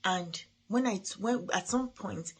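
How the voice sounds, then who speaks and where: A woman's voice: mid-range voice, measured pace, breathy edge. A middle-aged woman hosting a parenting talk, giving earnest advice with frequent restarts. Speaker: parenting podcast host. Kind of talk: motivational talk.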